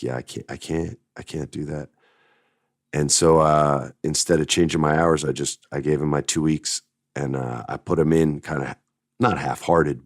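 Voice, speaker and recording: Very deep-voiced man telling a personal story. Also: no room sound, studio quality. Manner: emotional, choked up at times. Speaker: podcast host.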